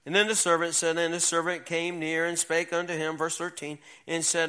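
A man teaching a Bible lesson to young people, reading scripture slowly and quizzing the class. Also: fairly high pitch, flat delivery, sharp tone, smooth.

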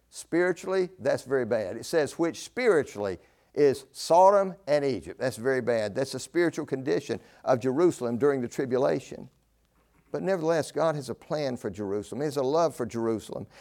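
Older man preaching a fervent sermon. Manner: fervent preaching, swinging between loud declaring and low, slow emphasis.

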